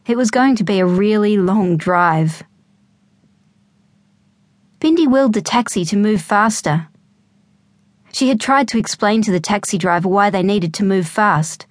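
A woman with an Australian accent reading a children's audiobook in a lively storytelling manner. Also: mid-range voice, no room sound. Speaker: audiobook narrator. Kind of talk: scripted narration.

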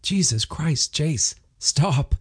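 A male audiobook narrator voicing a young man who jokes easily but turns nervous, in a raised, husky voice. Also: on the high side, expressive, extremely slow, pitched above the performer's own voice, heavily acted. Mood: exasperated. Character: nervous young man, joking then tense. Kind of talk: audiobook character voice.

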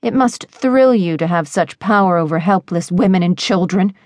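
A woman's voice: on the low side, normal speed, darkish tone, dry recording, clean studio sound, natural voice. A woman narrator voicing a frightened but defiant young woman who speaks in a hard, clipped tone.

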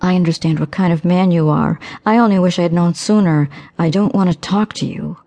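A woman's voice: lowish voice, fairly quick, warm tone, lightly acted. A woman voicing a proud young maid who speaks in a restrained, cool, firm way. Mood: cold restraint.

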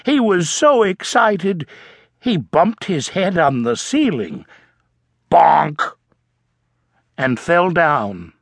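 Slow, sing-song male storybook narrator. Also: high-pitched, very animated, husky, dry recording, clean studio sound. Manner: playful, drawn-out, with sound effects. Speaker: audiobook narrator. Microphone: studio mic.

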